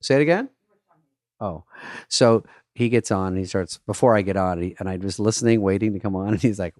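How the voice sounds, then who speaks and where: A middle-aged man from Arizona, co-hosting a podcast in casual chat, telling animated stories with lots of swearing and acted-out voices. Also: on the low side, fast, dry recording, clean studio sound. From Arizona, USA. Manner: animated storyteller, swears a lot, acts out voices. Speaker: podcast co-host.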